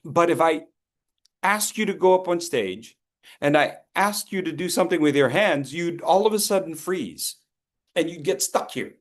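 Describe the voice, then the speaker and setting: A man in his fifties runs a lively, interactive public speaking workshop, calling on people by name in a playful, encouraging way. His voice is a little high and expressive, and he speaks at normal speed.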